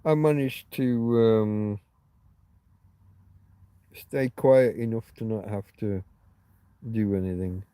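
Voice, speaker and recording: A man's voice: fairly low pitch, steady tone, slow, long pauses, mellow, no room sound. A man hosting a casual livestream, rambling through stories and answering viewer comments. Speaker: livestream host.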